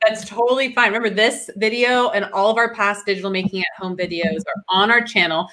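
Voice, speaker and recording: A woman's voice: mid-range voice, a little fast, hardly any pauses, bright, forceful tone. Upbeat woman co-hosting a live stream. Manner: upbeat, reassuring, chatty. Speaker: co-host.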